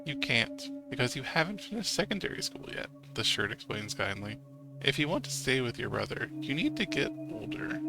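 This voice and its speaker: A sensible talking shirt gives gentle, patient advice, as a man reads it aloud. The voice is a little gravelly, with soft music under it. It sounds kind and matter-of-fact. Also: mid-range voice, huge pitch swings, moderate pace. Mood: kindly. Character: talking shirt, calm sensible older-woman type.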